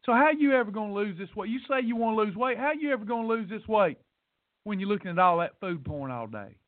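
The voice sits high and is animated and fast; it belongs to a man hosting a weight loss podcast. He bluntly scolds listeners in a preachy motivational rant, repeating points for emphasis, heard through tinny, phone-like audio with no room sound.

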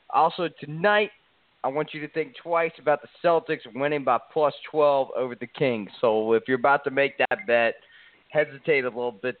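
A man's voice: a little high, no echo. A man hosting a sports talk show, confident and salesy as he hypes his betting picks. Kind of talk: sports radio banter. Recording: tinny phone-like line, dry.

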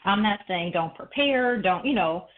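A woman's voice: mid-range voice, animated, normal speed, a little hiss or hum. Woman chatting over a tinny phone line. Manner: reflective, frequent "you know" fillers. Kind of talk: casual chat.

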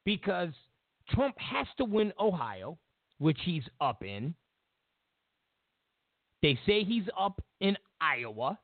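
A man hosting a political commentary show, ranting in a mocking, animated way over a phone line. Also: high-pitched, slow, long pauses, no room sound. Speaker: host.

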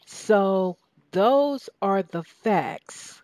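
A woman's voice: mid-range voice, lively intonation, drawn-out words, a little mellow, no echo. A middle-aged woman with a Southern US accent, preaching a sermon with emphatic repetition and questions to her audience.

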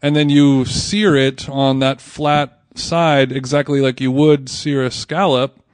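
A man's voice: medium pitch, level tone, takes it slowly, clean tone, dry recording, studio quality. A man hosting a casual food podcast, rambling and laughing often as he talks. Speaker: podcast host. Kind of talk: casual chat.

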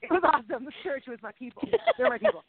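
Tinny-sounding emotional mom co-host. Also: female voice, high voice, sing-song, racing, creaky, background noise. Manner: emotional, rambling, playful sound effects. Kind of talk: casual faith-based chat. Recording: tinny phone-like dry audio.

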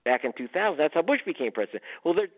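A man's voice: fairly high pitch, sing-song, very fast. A man interviewed as a guest author, telling his story in an emphatic, punchy way. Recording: tinny phone line.

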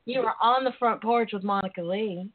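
Woman host of a call-in radio chat, earnest and encouraging, mid-pitched, phone-like audio. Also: moderate pace. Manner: earnest, encouraging, laughs often. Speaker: radio talk show host. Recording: tinny phone-line sound.

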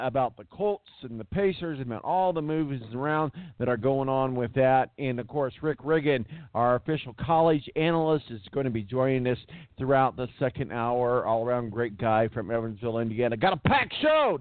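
A man's voice: medium pitch, no room sound. A man hosting a sports talk radio show, opening with playful, grandiose showmanship. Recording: dry, tinny phone-like audio.

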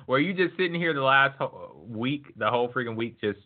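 A man hosting a casual wrestling podcast, talking in a relaxed, laid-back way. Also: mid-range voice, brisk. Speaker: podcast host. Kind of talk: casual chat. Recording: phone-like lo-fi line.

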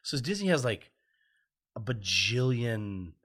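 A man's voice: mid-range voice, sing-song, takes it slowly, a bit bright, breathy edge. A man, a guest, telling casual stories, chatty and self-deprecating, laughing often. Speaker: guest, TV writer. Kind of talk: casual storytelling.

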